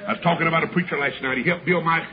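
A man preaching a revival sermon, impassioned and often breaking into shouts, with many "uh" fillers. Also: fairly high pitch, fairly even intonation, very fast, a little hiss or hum. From North Carolina, US. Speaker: evangelist preacher. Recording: dull lo-fi sermon recording with congregation.

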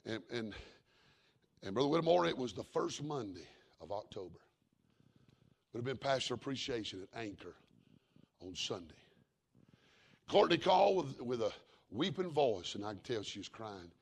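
A middle-aged man preaching a sermon in a folksy, repetitive cadence, moving from quiet storytelling to fervent preaching. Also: medium pitch, very animated, moderate pace, creaky, pauses often, breathy edge.

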